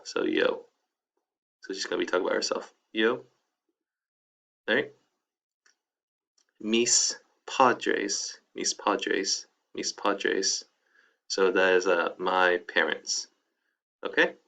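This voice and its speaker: A man teaching a casual video lesson, chatty and relaxed, repeating each word slowly. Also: deep voice, vocal fry. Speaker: Spanish teacher.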